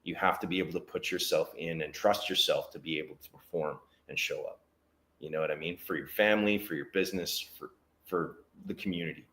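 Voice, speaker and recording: A man's voice: deep voice, fairly quick, slight background noise. A man, a guest and business owner, telling a story in conversation and acting out the other people's lines. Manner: animated storyteller acting out dialogue.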